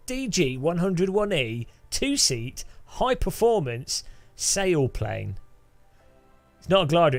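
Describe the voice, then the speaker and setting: A man with a fairly high voice chats loosely to his stream audience while he plays. He wanders from topic to topic, stops and restarts sentences, and laughs easily. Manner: rambling, laughs often, many restarts. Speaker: gaming streamer. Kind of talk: casual live-stream chat.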